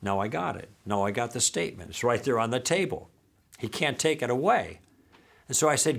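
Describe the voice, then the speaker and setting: Animated man telling teaching anecdotes. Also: medium pitch, a little fast, creaky. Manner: animated storyteller who acts out dialogue and checks in with "okay?". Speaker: apologetics teacher. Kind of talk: recorded teaching talk with anecdotes.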